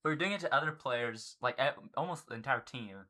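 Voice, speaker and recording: A man's voice: mid-range voice, animated, brisk, pushed and bright. A young man chiming in on a shared story in casual chat, adding details and swearing freely. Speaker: co-host, friend.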